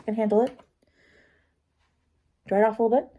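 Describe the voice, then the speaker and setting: A woman's voice: on the high side, little pitch movement, fairly quick, dark tone. A woman vlogging as she does her makeup, chatty and talking to herself with self-deprecating asides. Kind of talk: casual talk while doing makeup.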